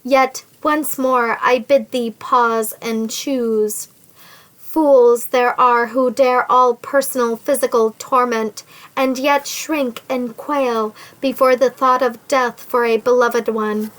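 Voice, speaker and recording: A cold, sneering nobleman bent on revenge, read by a woman with a fairly high voice. He threatens and taunts in stately old-fashioned phrasing, delivered slowly and deliberately. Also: steady tone, fairly bright tone, poor audio. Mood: menacing. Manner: sneering, menacing, archaic formal speech. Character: scheming, vengeful nobleman threatening a captive woman.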